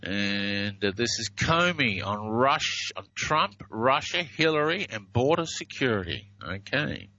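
A man with an Australian accent hosting a video, reading phrases aloud in a drawn-out, wry way. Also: mid-range voice, sing-song, pushed and bright, dry recording, lo-fi sound. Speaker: video host. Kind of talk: casual commentary over played clips.

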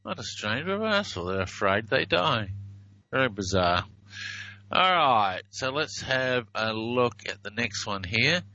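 Slow, wry Australian man. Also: mid-range voice, very animated, pushed and bright, muffled recording. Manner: drawn-out, wry reading of phrases. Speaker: video host. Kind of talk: casual commentary over played clips.

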